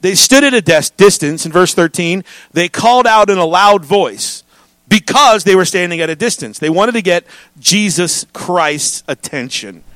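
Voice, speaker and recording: A man preaching a sermon as pastor, reading scripture and joking with his congregation in an animated way. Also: sits high, normal speed, no room sound.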